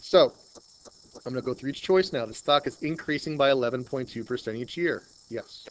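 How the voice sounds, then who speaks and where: A man with a Long Island accent teaching a math lesson, chatting and thinking out loud as he works through problems. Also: medium pitch, fairly quick, a little hiss or hum, poor audio. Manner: chatty, thinks aloud while working problems. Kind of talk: screen-recorded math lesson.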